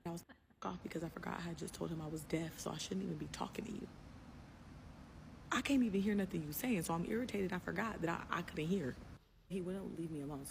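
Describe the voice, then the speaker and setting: A woman telling a personal story in an animated, emphatic way, repeating herself for effect. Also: low voice, gravelly, background noise.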